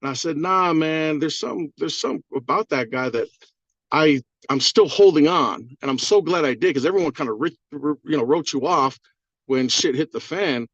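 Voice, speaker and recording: A man's voice: on the high side, expressive, normal speed, fairly bright tone, dry recording. A man on a community video call, giving a rambling, profane, fired-up testimonial. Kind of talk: excited testimonial on a group call.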